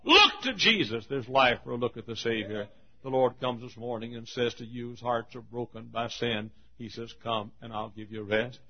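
A man preaching an evangelistic sermon from a church pulpit, swinging dramatically between ringing shouts and hushed low tones, with a rhythmic, repetitive delivery. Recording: dull lo-fi sermon recording.

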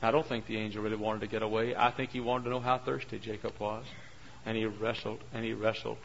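A man preaching a sermon, telling stories and acting out their characters, his voice rising to shouts. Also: fairly low pitch, level tone, fast, creaky, slight background noise. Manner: acts out characters, climbs to shouts. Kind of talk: animated sermon storytelling. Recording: dull lo-fi sermon recording.

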